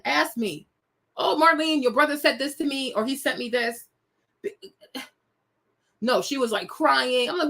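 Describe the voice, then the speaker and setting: A young adult woman from West Africa, talking straight to her viewers in an animated, emphatic monologue, laughing often and calling them y'all and girl. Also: high voice, a little fast, gravelly. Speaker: vlog host.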